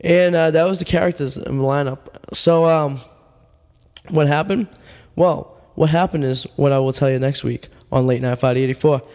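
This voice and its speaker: Man, radio host, rambling deadpan storytelling, losing his voice, long reverb. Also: fairly high pitch, moderate pace. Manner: rambling, deadpan absurd humor with many fillers. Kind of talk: casual storytelling monologue.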